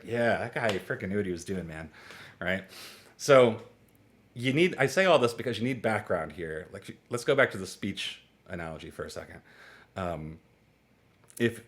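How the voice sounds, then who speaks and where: A chatty male music teacher with a slightly low voice lectures informally to a small online class. He wanders off on quick asides and laughs, acting out dialogue with lively changes of pitch.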